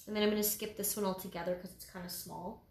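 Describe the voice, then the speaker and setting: A woman's voice: mid-range voice, fairly even intonation, fast talker, a little mellow. A woman giving a casual step-by-step painting tutorial, easygoing and full of little fillers. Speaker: painting instructor. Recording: roomy echo.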